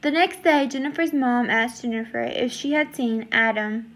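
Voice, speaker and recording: A woman reading her own homemade horror story aloud, in a halting, apologetic way. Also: a little high.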